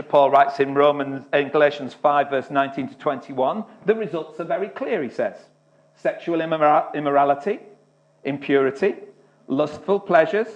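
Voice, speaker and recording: Man preaching, high voice, earnest, muffled lo-fi recording. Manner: earnest, often restarts words, chuckles between points. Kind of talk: sermon. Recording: dull lo-fi recording.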